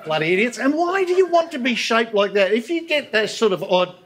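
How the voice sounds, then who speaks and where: A man's voice: extremely high pitch, brisk. Wry man doing stand-up. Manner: deadpan, wry storytelling with asides. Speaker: stand-up comedian guest. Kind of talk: stand-up comedy routine. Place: on stage before a live audience.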